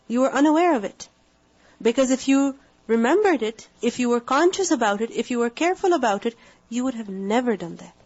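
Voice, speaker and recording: Woman, fairly high voice, measured explanatory lecture, reciting verses, dull lo-fi recording. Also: lively intonation, darkish tone. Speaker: Quran teacher. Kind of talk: tafsir lecture.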